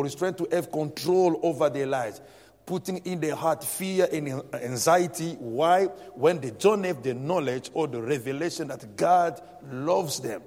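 A man's voice: fairly high pitch, darkish tone. A man preaching a Sunday morning sermon, emphatic and repetitive, punctuating points with "Amen" and leading the congregation in reading together. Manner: emphatic preaching with repeated "Amen" and call-and-response. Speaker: pastor. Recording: long hall reverb.

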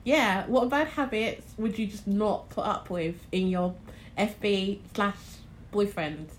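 A woman's voice: mid-range voice, takes it slowly, slight background noise. A woman, a guest on a podcast, giving short replies and laughing often. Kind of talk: casual chat.

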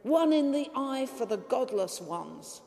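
A woman's voice: sits high, big pitch swings, a little slow, gravelly, a little mellow, voice pushed up, full character voice. Woman doing a male village priest, blustering, hot-tempered, long reverb. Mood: gleeful. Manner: indignant, protesting.

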